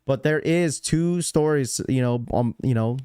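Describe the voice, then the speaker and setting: Young dude chatting on his stream, keeps repeating himself, smooth clear voice, no room echo. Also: medium pitch, a little slow, mellow, clean studio sound. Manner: rambling, repeats himself, lots of "you know" fillers. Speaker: livestream host. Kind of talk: casual livestream chat, reading chat messages aloud.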